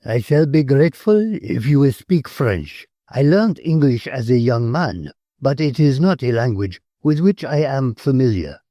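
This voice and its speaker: A man's voice: medium pitch, expressive, unhurried, few pauses, no echo, dull audio, lightly acted. A man playing a polished, nervous aristocrat count. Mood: formal. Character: elegant aristocratic count, polite but nervous uncle.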